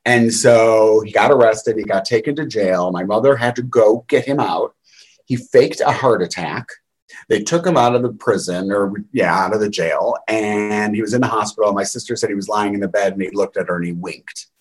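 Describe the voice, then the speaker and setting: A man's voice: fairly low pitch, normal speed, breathy edge, low-quality recording. A middle-aged man telling candid stories in a rambling way, with wry laughs. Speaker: guest. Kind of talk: candid conversational storytelling.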